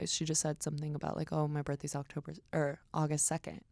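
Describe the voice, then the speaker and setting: A young woman with a low, fry-edged voice tells stories on a podcast, swearing freely and acting out the lines people said. The sound is dry and close. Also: monotone, fast, a little mellow, no echo. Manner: storytelling, swears freely, acts out quotes. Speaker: podcast guest. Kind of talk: casual chat.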